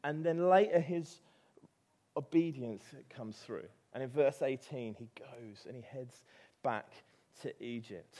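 A man's voice: mid-range voice, takes it slowly, mellow. A man with an English accent preaching a sermon, telling a story with animation and rising to emphatic peaks.

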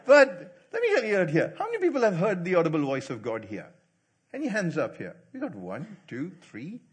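A man preaching a sermon in a church, telling stories and acting out the people in them, swinging from loud to hushed. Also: high voice, fairly quick, husky. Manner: animated storytelling, acts out quotes, swings loud to hushed. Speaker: pastor.

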